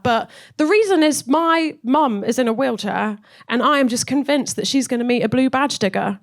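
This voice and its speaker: Lively young woman doing stand-up. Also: high-pitched. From Cornwall, England. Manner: animated, self-deprecating, chatty asides to the crowd. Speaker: stand-up comedian. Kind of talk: stand-up comedy set.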